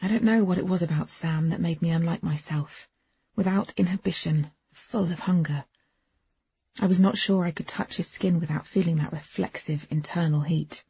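Woman reading a novel, wry and intimate, gravelly husky voice, dull dry audio. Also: fairly low pitch, steady tone, moderate pace, dark tone. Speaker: audiobook narrator. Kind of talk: first-person novel narration.

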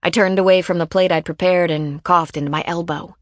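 A woman reading a first-person audiobook in a measured, even storytelling manner, on a close studio mic. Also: on the low side, no room sound. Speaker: audiobook narrator.

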